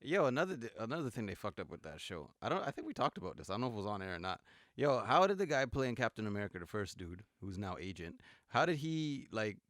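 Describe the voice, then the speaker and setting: A man in his thirties co-hosting a podcast, chatting in animated, laughing, slangy banter. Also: on the low side, quick pace, dry recording, studio quality. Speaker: podcast co-host. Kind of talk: casual chat.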